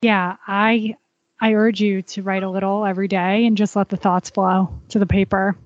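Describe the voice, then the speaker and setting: A woman's voice: medium pitch, little pitch movement, moderate pace, dry recording. A woman running-coach host talks in a bubbly way, laughing easily through the chat. Her voice sounds dry and close, on slightly dull audio. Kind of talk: casual interview chat.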